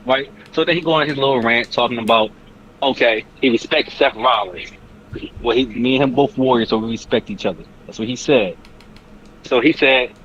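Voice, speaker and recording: A man's voice: mid-range voice, moderate pace, sharp tone, highs cut off, slight background noise. A man co-hosting a casual wrestling podcast, telling the story with energy and sound effects. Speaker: podcast co-host.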